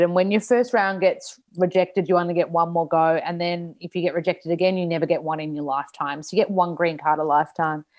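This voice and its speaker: An Australian woman in her thirties, an author talking openly about her own setbacks in a casual interview, with lots of likes and restarts. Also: lowish voice. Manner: open, reflective, frequent likes and restarts. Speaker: author and nutritionist guest. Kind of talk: candid casual interview talk.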